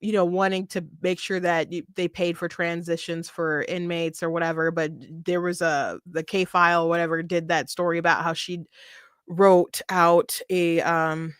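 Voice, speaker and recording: A woman's voice: on the low side, level tone, normal speed, clean tone, no room sound, clean studio sound. A woman hosting a casual political commentary monologue, opinionated, laughing often and restarting her sentences, with slight hiccups.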